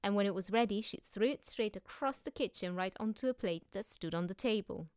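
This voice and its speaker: A woman narrating a children's story as an audiobook reading, gentle and measured. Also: medium pitch, clear, resonant tone, no room sound, clean studio sound.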